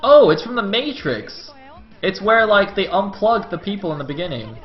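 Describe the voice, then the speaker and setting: His voice is high-pitched and sing-song, moving at normal speed, with a faint crowd audible. He's a young game caster giving solo esports commentary on his own stream, chatting and rambling with plenty of fillers over slightly dull lo-fi audio and faint music.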